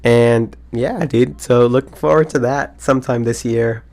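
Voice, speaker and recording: A man's voice: mid-range voice, a little slow. Solo podcast host, male, about twenty, hyped and rambling, heavy slang and cursing. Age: around 20. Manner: excitable, slangy, swears a lot, rambling. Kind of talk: casual solo podcast chat.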